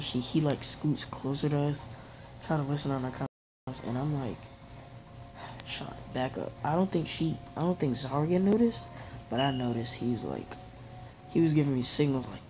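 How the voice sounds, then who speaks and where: A man's voice: a little high, background noise. A young man tells a casual, rambling story while playing a game, acting out what people said in raised voices. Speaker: gaming video creator.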